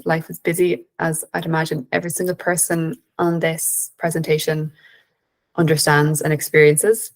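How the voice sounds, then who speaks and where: A woman in her thirties with an Irish accent, giving a gentle, guiding online presentation on emotional wellbeing with some "um"s. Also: lowish voice, low-quality recording. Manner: gentle, guiding, with filler "um"s and restarts. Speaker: behaviour analyst presenter.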